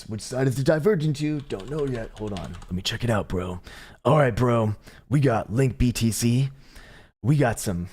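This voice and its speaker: A man's voice: mid-range voice, a little mellow, slightly rough, pitched above the performer's own voice. A man echoing a chat message in a laid-back bro voice, casual and drawling.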